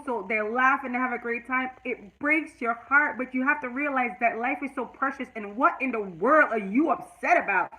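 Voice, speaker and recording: A woman in her forties, a YouTube vlogger, talks to her live chat in a personal vlog. She is earnest and at times tearful, then grows emphatic and preachy. Her voice is high and a bit bright, and the audio is poor.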